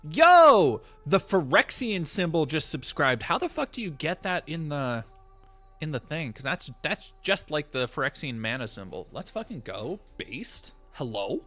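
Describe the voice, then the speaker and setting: A man's voice: fairly high pitch, very animated, normal speed, bright, forceful tone, soft background music. A young man chatting on a live stream in a rambling, profane, jokey way, often restarting his sentences. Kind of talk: casual live-stream chat.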